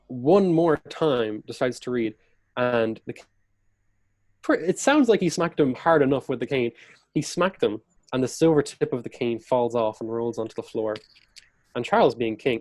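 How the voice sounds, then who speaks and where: A man's voice: mid-range voice, a little mellow, dry recording. Man vividly retelling history, dry sound. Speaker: podcast guest, historian. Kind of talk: conversational storytelling.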